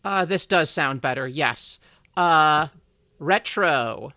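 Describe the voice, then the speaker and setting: A game master running a tabletop game on a live stream, relaxed and halting, with many fillers. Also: medium pitch, no echo, studio quality.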